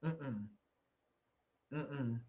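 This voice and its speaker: A man's voice: medium pitch, extremely slow, mellow. A man from Louisiana, hosting a casual motivational talk, joking and laughing often as he makes his points. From Southern Louisiana. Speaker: channel host. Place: room at home.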